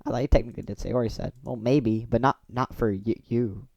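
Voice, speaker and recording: A man voicing a bossy, defensive teenage girl in a game, huffy and a bit squeaky. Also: a little fast, gravelly, a little mellow, no echo, clean studio sound. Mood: flustered. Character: bossy tsundere teen girl baker.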